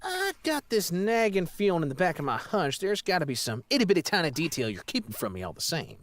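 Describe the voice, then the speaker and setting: A woman's voice: fairly low pitch, big pitch swings, a little fast. A woman voicing a blunt, folksy young country man with a brash, plain-spoken drawl. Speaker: voice actor reading a character.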